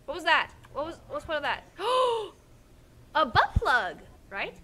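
High, bright, excitable woman streamer. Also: measured pace. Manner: excitable, giggly, chats to viewers. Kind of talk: casual gameplay commentary.

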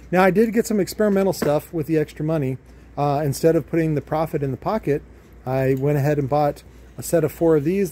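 A man hosting a casual product unboxing video, rambling and thinking out loud with plenty of fillers as he shows off gear. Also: a little high, slight background noise. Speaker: car audio shop owner and video host.

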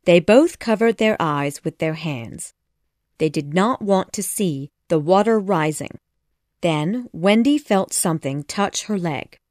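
A woman narrates a storybook with expressive, measured delivery. She reads slowly with a lively, rising and falling pitch, and the recording is close and dry. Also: no echo. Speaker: audiobook narrator.

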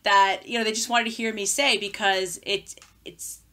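Bright-voiced woman with strong Queens accent. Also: mid-range voice, moderate pace. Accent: Queens New York. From Queens, New York. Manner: animated, storytelling, laughing easily. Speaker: podcast guest. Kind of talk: casual chat.

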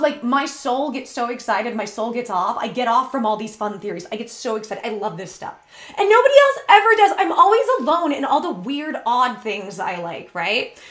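A woman chats away in a rambling vlog, her fairly high voice swinging up and down with lively energy. She drifts into tangents and corrects herself mid-thought, and the room around her rings with noticeable echo. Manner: rambling, animated, full of tangents and self-corrections. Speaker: crypto video host. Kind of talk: casual chatty vlog commentary.

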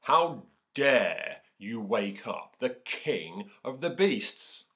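A man playing a booming, proud storybook lion. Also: sing-song, extremely slow, sharp tone, exaggerated voice. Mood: indignant. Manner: booming, roaring with laughter. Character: mighty proud male lion, king of beasts.

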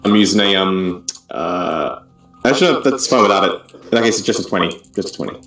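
A man's voice: sits low, expressive, fairly quick, a bit bright, soft background music. A man playing a tabletop game, hesitant and second-guessing his rolls. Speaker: player. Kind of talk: casual tabletop play. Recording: echoey room, remote mic.

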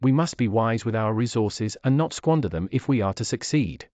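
A man's voice: medium pitch, animated, moderate pace, darkish tone, no echo, natural voice. A man voicing Zul'jin, a stern male orc warrior who gives solemn counsel.

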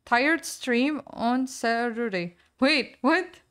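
A woman's voice: fairly high pitch, animated, slow, hardly any pauses, fairly bright tone, smooth. A young woman streaming a game, chatting casually with her viewers, reading out chat and apologizing often. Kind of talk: casual live-stream chat while gaming.

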